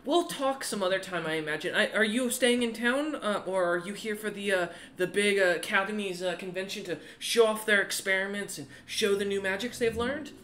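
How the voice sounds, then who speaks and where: A man's voice: sits high, fairly quick, few pauses, sharp tone, echoey room, voice pushed up. A man voicing a chatty, eager noblewoman who trails off with ums, in a tabletop game. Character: friendly woman noble, chatty sister.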